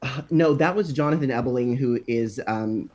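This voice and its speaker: A young man, a filmmaker guest, talking in a quick, upbeat, self-effacing way in a casual interview. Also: medium pitch, darkish tone.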